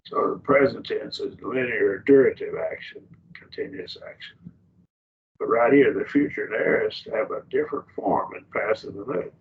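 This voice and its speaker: This is a fairly low-pitched man lecturing slowly to a Bible study class, restarting often and asking rhetorical questions. A distant mic in the church classroom gives phone-quality sound with slight background noise.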